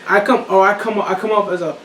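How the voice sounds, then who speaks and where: Young man, high pitch, playful, laughing, casual chat, distant mic, echoey room. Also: fairly even intonation, fast talker. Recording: echoey room, mic set back, faint hiss.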